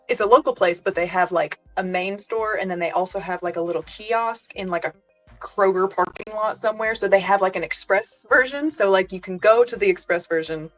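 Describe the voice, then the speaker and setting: A woman from Kentucky, a podcast guest chatting casually, full of "like" and "um" and quick laughs. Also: on the low side. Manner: chatty, filler-heavy, laughs easily. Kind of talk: casual chat.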